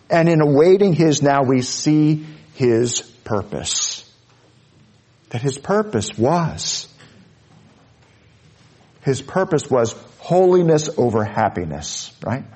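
A man preaching a sermon, earnest, dropping to soft low asides and rising to loud high peaks. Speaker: pastor.

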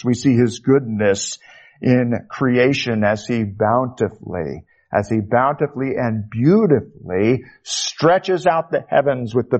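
Slow, deliberate preaching man. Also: on the low side, darkish tone, dull audio. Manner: slow, emphatic preaching with rising emphasis on key words. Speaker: pastor. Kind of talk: sermon.

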